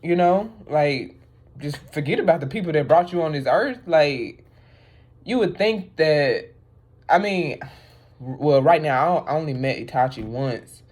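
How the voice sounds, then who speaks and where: Low-voiced woman chatting animatedly. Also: a little slow, slightly rough. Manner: animated, rambling, many fillers and laughs. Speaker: vlogger reacting to an anime. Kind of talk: casual chat.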